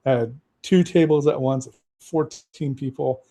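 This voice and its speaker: Mellow-voiced man rambling about conventions. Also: mid-range voice, unhurried. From United States. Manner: rambling, with many fillers and restarts. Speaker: game master and guest. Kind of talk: casual podcast conversation.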